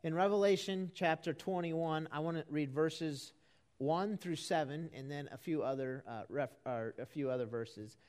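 A man's voice: a little high, normal speed, darkish tone, clean tone. A man preaching a folksy, conversational sermon to a live congregation in an auditorium, building to earnest emphasis.

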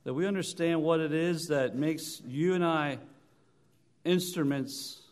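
A man preaching a sermon in church, telling stories with halting restarts, rising loud on his points and then dropping soft. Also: on the high side. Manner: halting restarts and repeated words.

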